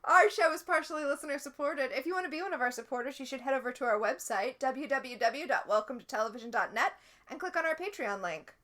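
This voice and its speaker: A woman's voice: high-pitched, quick pace, bright, forceful tone. A woman co-hosting a TV recap podcast in casual chat, wry and joking. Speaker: podcast co-host.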